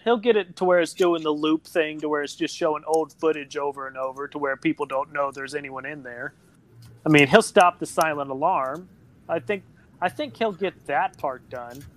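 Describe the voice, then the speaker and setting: A guest co-host on a casual podcast, relaxed and talkative. The co-host spins little scenarios and drops into quoted lines as the story goes. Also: mid-range voice, no room sound. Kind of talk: casual chat.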